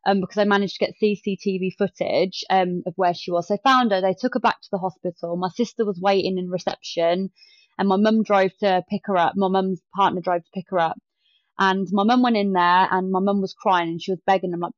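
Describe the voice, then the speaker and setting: A woman's voice: mid-range voice, a little fast, no echo. Woman retelling a story, lo-fi. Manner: animated retelling with acted-out quotes. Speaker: podcast guest. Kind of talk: casual storytelling. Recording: dull lo-fi dry sound.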